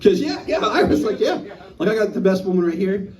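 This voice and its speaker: A man in his thirties performs stand-up comedy, telling stories in a lively voice that swings widely in pitch and slips into the voices of the people in them. His voice sits high for a man. The mic picks him up from a distance in a small room. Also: a little fast. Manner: animated storytelling, acting out voices. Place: small live venue.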